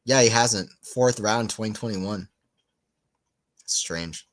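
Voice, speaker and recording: A man's voice: lowish voice, takes it slowly. A man giving casual live tennis commentary for a watchalong stream, just woken up, rambling into chatty asides between calls of the points. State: just woke up.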